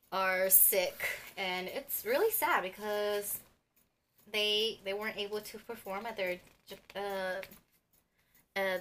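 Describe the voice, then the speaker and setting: A young woman, unboxing an album as a vlogger and gushing like an excited fan, with squeals and gasps between chatty asides. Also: medium pitch, slight background noise.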